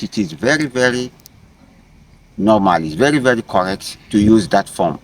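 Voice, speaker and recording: A man teaching a French lesson outdoors, explaining slowly and repeating his phrases with frequent hesitations. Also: medium pitch. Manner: slow, repetitive teaching with frequent fillers. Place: outdoors in nature.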